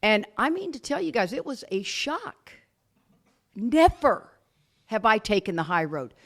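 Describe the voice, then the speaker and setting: A woman speaking to a live audience as a guest speaker, telling her story with blunt, self-mocking humor, laughing often and loudly acting out what people said. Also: on the high side, unhurried. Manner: animated, laughs often, acts out quotes loudly. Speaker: guest speaker at a recovery retreat.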